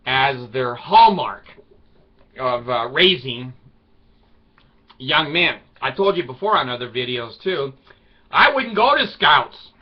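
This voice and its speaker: A man's voice: fairly high pitch, husky. A man talking to camera in a loose, rambling monologue, wry and irreverent in tone. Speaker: video blogger. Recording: slightly dull lo-fi recording.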